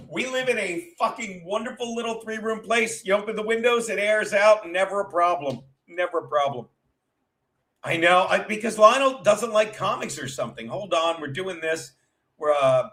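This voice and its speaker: A man with a high-pitched voice hosts a casual livestream. He tells stories in a loose, tumbling way, full of profanity and self-interruptions. He keeps breaking off to talk to his viewers. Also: moderate pace, sharp tone. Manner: chats with live viewers. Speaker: livestream show host. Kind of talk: rambling comic storytelling.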